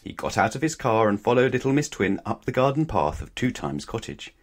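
A man reading a children's storybook aloud in a gentle, playful, unhurried way. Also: mid-range voice, very animated.

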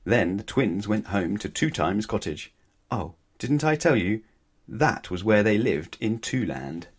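A man reads a children's story aloud, gentle and playful, never in a hurry. His voice sits a little low for a man, and he gives each line an easy, friendly lilt.

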